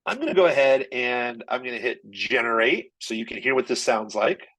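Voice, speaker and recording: In an energetic, chatty live software demo, a medium-pitched man shows off marketing tools, his pace shifting quickly. The recording is rough.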